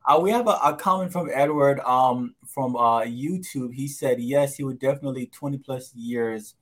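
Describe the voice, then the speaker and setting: A man co-hosting a casual podcast chat, speaking in a measured way with frequent fillers and "okay"s. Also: mid-range voice, fairly bright tone. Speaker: co-host.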